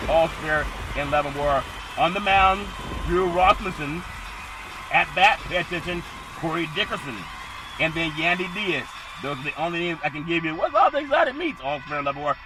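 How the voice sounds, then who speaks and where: A man hosting a comic sports podcast, doing mock play-by-play that builds to shouted home-run calls, laughing often. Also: on the high side, normal speed. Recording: loud outdoor traffic noise behind.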